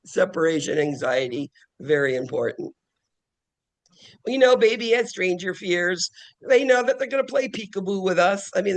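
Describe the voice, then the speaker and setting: A male nursing professor lectures in a classroom with a notably high voice. He teaches in an animated, playful way, breaking into children's games and cries to make his points. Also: gravelly.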